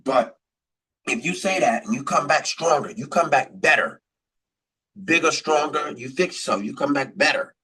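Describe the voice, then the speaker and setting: A man's voice: on the high side, animated, normal speed, pushed and bright, slightly rough, far from the mic. A man hosting a podcast, giving rambling, motivational sports commentary with lots of repetition and fillers. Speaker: podcast host.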